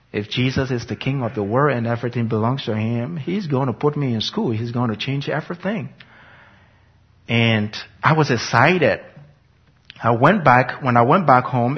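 A man's voice: mid-range voice, slightly rough. A man telling his personal faith testimony in an earnest, reflective way, on a muffled lo-fi recording. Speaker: speaker giving a personal testimony.

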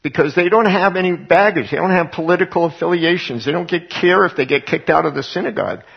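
Gravelly preacher man teaching the Bible. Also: high voice, fast. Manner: reads scripture, acts out voices of people. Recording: dull lo-fi recording.

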